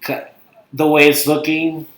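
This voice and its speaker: In an echoey room, a Brooklyn-accented podcast co-host chats casually, hesitating, rambling, and letting his thoughts trail away. His fairly high, fairly bright voice comes across completely flat at a measured pace.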